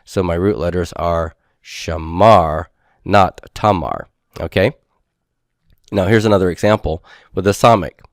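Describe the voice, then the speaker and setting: Man, deep low voice, grammar lecture, patient step-by-step teaching, dry close sound. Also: no room sound. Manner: patient, explains step by step, checks in with "okay"; sounds out words slowly and repeats them. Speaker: Biblical Hebrew instructor.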